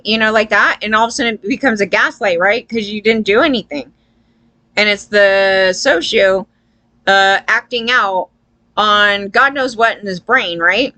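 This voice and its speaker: A woman's voice: mid-range voice, normal speed, sharp tone. A woman giving a loose, profane opinion rant to her viewers, often tagging lines with "right?" and acting out quoted people. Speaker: vlogger.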